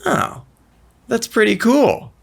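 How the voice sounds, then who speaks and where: A man's voice: very high-pitched, slow pace, creaky, voice pushed up, exaggerated voice. A man voicing his eager young daughter as he retells their talk. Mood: excited.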